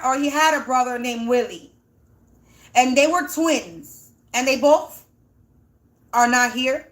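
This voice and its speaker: High-voiced woman with a teary-sounding voice. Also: fairly bright tone. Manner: rambling, asks and answers her own questions. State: voice sounds teary, like near crying. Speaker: spiritual energy reader. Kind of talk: casual spiritual reading, thinking aloud.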